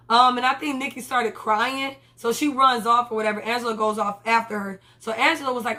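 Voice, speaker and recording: Animated woman recapping a TV episode. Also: a little high, quick pace. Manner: animated, profane, acts out characters' lines. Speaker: TV episode reviewer. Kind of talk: casual recap and commentary.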